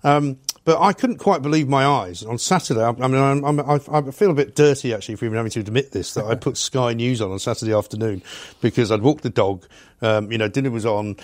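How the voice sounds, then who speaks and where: A man hosting a studio talk show, scornful and animated as he tells his stories. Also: mid-range voice, fast talker, no echo. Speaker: talk radio host. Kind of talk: opinionated chat.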